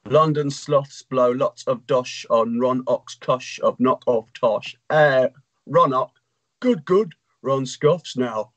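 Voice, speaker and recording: A man on a video call performing a comic poem, delivering it slowly and deliberately. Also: mid-range voice, fairly bright tone. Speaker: poet performing. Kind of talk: performance poetry reading. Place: home.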